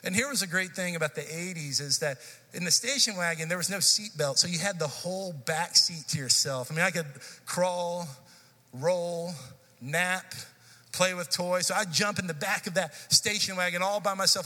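Man, pastor, forties, bright forceful voice, a bit high, chatty storytelling sermon, reverb of a church hall. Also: normal speed. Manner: conversational storytelling preacher, lively and animated. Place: church sanctuary.

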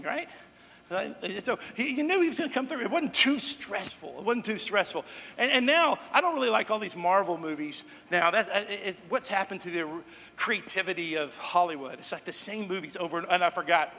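A man preaching to his congregation as pastor, talking in a relaxed way with joking asides to the crowd, recorded in a church hall. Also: high-pitched, brisk. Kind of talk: sermon. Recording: long hall reverb.

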